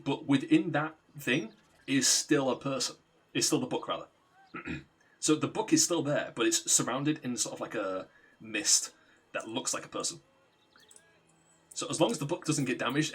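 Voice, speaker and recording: A man streaming a video game, casually recounting a story in a rambling, animated way. His voice is husky and sits at an ordinary pitch. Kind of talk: casual gameplay commentary.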